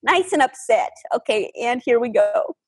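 A woman hosts a comedy game show in a deadpan, meandering way, full of ums and uhs. Her voice is husky and sits a bit high. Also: normal speed. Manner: deadpan, rambling with many fillers. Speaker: host.

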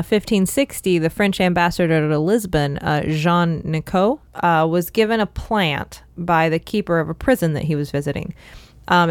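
Lower-voiced woman explaining history. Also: no echo. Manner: explanatory, frequent fillers, laughs easily. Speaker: co-host. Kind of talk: casual history podcast chat.

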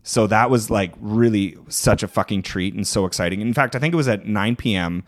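A man with a Canadian accent, a podcast guest, telling profane, animated stories in casual conversation. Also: lowish voice, fairly quick.

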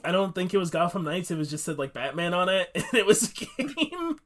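A man's voice: high-pitched, very animated, brisk, a bit bright. A young man co-hosting a podcast, rambling casually and laughing often. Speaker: podcast co-host. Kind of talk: casual chat.

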